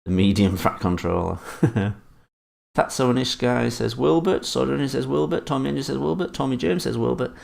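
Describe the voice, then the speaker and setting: A man's voice: mid-range voice, normal speed, creaky, darkish tone. A man hosting a live-stream quiz, reading out viewers' guesses and swearing casually while teasing his chat. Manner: swears often and teases the chat.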